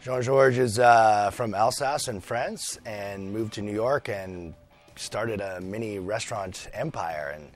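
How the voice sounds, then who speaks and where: A chef from British Columbia talks easily as a radio studio guest, his voice sitting fairly low. He is friendly and relaxed, often pausing on small fillers as he thinks. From British Columbia, Canada. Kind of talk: casual radio interview.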